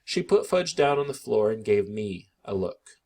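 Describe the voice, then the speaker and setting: A man reading a children's book aloud in an expressive, animated narration. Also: lowish voice, unhurried.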